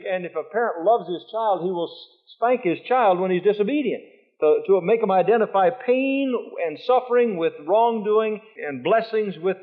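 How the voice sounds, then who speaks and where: A man preaching a sermon in a folksy way, quizzing his congregation and quoting scripture in old wording. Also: high-pitched. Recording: tinny lo-fi phone-like sound.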